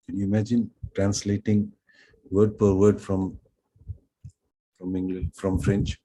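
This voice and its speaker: A middle-aged man with an Indian accent gives a storytelling lecture as a language teacher. His voice sits deep and mellow. He talks at a slow, easy pace with a self-deprecating touch. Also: little pitch movement, breathy edge, rough recording. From Pondicherry, India. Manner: unhurried, self-deprecating, acts out quoted dialogue. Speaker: French teacher.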